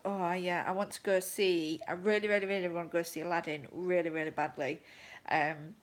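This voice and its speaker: A woman's voice: fairly low pitch, steady tone, a little fast, low-quality recording. A woman, a vlogging mother, chatting on a casual livestream and rambling through stories with many fillers. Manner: rambling, filler-heavy storytelling with laughter.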